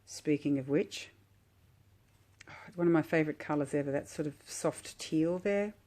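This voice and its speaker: A woman calmly unboxing a tarot deck while sitting on her floor, gushing and admiring each card at an unhurried pace. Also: sits low. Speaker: tarot vlogger. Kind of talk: relaxed unboxing commentary.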